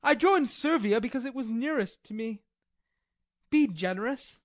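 A woman's voice: fairly high pitch, animated, normal speed, no room sound, natural voice. A woman reading the part of a weary, hungry male Swiss mercenary soldier in an audiobook drama, nervy, wry and polite.

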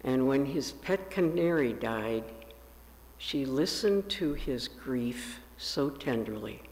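A male pastor telling a story during a sermon, raising his pitch when he quotes the characters. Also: animated, big-room sound. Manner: slow, lifts his pitch for quoted voices. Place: church sanctuary.

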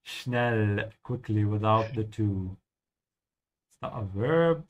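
A man's voice: fairly low pitch, lively intonation, muffled recording. Man teaching German on a live stream. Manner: explains pronunciation slowly and carefully; switches between English and German. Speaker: language teacher and stream host. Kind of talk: live-streamed language lesson.

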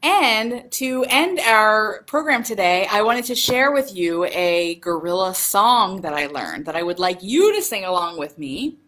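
Children's librarian woman, storytime reader, sing-song and slow, lots of pitch swing. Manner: animated, sing-song, talks to young children.

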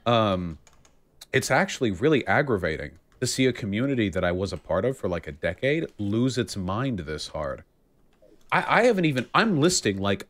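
A man giving heated livestream commentary, animated and mocking, with frequent fillers. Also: on the low side. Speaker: streamer.

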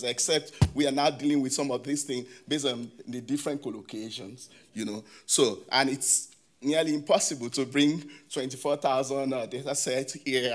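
A man presenting academic research at a conference, talking in a halting way with many "you know" fillers and restarts, and putting questions to the audience. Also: mid-range voice.

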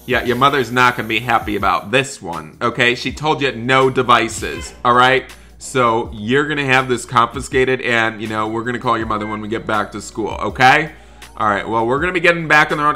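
A man's voice: mid-range voice, a little fast, sharp tone, soft background music. A man hosting a gameplay video, role-playing a bus driver who exclaims about the breakdown and sternly scolds his passengers. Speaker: gaming channel host role-playing a school bus driver. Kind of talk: role-play gameplay commentary.

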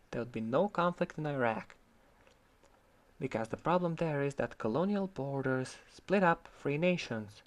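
Man, vlog rant, sarcastic, heated, swears a lot, mid-pitched voice. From Croatia. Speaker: vlogger. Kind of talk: ranting commentary on an online argument.

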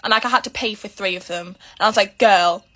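Bright-voiced young British woman vlogging. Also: medium pitch, fast. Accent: British English.

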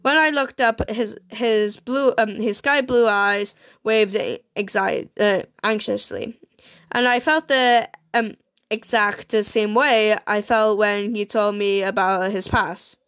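Woman haltingly reading a romance game aloud. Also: medium pitch, steady tone, a bit bright, no room sound. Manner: halting, with frequent fillers and restarts on words. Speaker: reader of a visual novel.

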